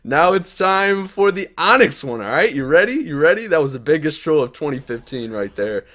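A young man doing live-stream commentary while opening game card packs, hyped and talking to the player cards, dropping to mutters and then jumping to yells. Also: fairly high pitch, sing-song, moderate pace.

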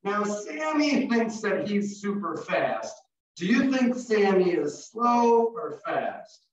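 Man, high voice, theatrical animal calls, echoey, far off. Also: sing-song, slow pace. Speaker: early childhood educator presenting. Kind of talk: animated demonstration for teachers. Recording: far from the mic, echoey and dull.

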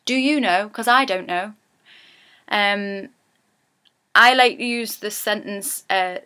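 Woman, Geordie accent, young adult, casual accent lesson, slow deliberate delivery, bright voice. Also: medium pitch. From Newcastle, England. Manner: repeats slang phrases slowly, drawn out for learners. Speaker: actress teaching her accent.

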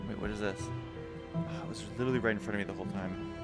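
A young man playing a virtual reality game, excitable, swearing and yelling when scared. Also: fairly low pitch, rapid-fire, loud music behind the voice. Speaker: gamer.

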